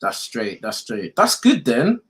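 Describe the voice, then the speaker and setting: A man hosting a call-in show, laid-back and full of slang, with drawn-out reactions. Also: medium pitch, huge pitch swings. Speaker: host. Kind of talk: casual call-in chat.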